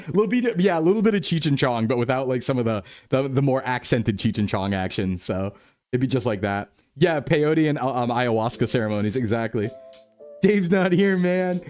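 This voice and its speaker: A man's voice: medium pitch, a little mellow. Chatty young man streaming live. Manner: rambling, chatty, reads chat aloud, laughs often. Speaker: VTuber streamer. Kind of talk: casual live-stream chat.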